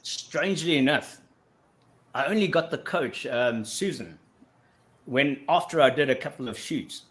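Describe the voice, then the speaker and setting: A man's voice: medium pitch, lively intonation, a little slow, fairly bright tone. A man from Africa, telling his story as a guest on a casual interview show, full of restarts. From South Africa. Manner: rambling with frequent restarts. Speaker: guest actor.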